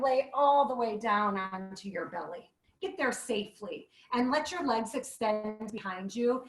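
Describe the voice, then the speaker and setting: A woman guiding a yoga class with gentle, playful cues. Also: mid-range voice. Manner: gentle, playful cueing with animal sounds. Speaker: yoga instructor. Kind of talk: guided yoga class instruction. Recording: echoey room.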